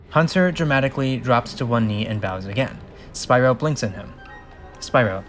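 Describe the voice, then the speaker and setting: Man, script reading, incredulous asides, mid-range pitch, faint background music. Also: normal speed.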